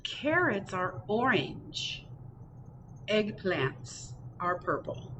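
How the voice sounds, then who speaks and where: A woman librarian reading picture books aloud at storytime, expressive, with chatty asides in a public library. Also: medium pitch, very slow, a little hiss or hum, low-quality recording. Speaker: children's librarian. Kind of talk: picture book read-aloud.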